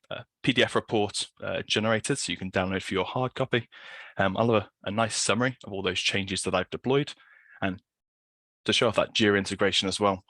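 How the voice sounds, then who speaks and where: Low-voiced guy rattling through a software demo, dry close sound. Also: no room sound. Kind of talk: fast live product demo.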